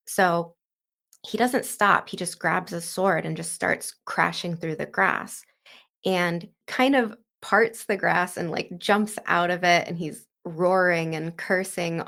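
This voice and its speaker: A woman hosting a casual book breakdown in a chatty way, with plenty of filler words. Her voice sits low with noticeable vocal fry. It is relaxed and conversational. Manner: chatty, many fillers like "like" and "kind of". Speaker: book discussion host.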